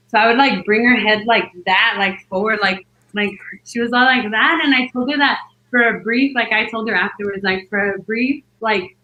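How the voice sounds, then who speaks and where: A podcast guest casually tells the long story of giving birth, rambling, using "like" constantly, and acting out what others said. Her voice is a little high, moderately paced, bright and forceful, and the recording is reverberant and muffled.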